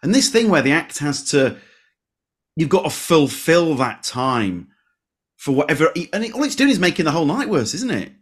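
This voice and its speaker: A man's voice: on the high side, very animated, moderate pace, husky. A man hosting a comedy podcast, chatting casually and rambling with frequent restarts.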